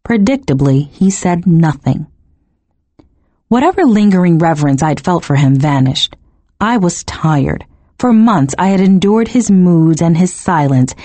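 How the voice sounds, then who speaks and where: A woman's voice: lowish voice, dry recording. Woman narrating a novel in first person. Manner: expressive, emotionally engaged reading. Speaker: audiobook narrator.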